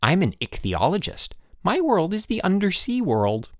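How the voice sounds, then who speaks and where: A man voicing a fussy, excitable boy who studies insects and fish, shrieking and wailing when upset. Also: sits high, moderate pace, no echo, clean studio sound, pitched above the performer's own voice.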